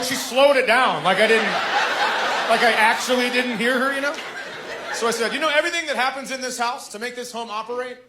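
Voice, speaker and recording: A man's voice: very high-pitched, bright, forceful tone, roomy sound. A man in his forties doing a stand-up routine, telling wry stories about his daughter and acting out her lines. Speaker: stand-up comedian. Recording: noisy live club recording.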